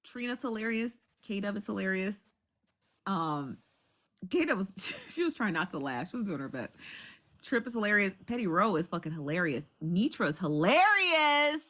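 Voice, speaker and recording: A woman's voice: mid-range voice, very animated, moderate pace, fairly bright tone. A woman chatting casually on a live stream, swearing freely, repeating herself and often breaking into laughter. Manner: profane, repetitive, laughs often.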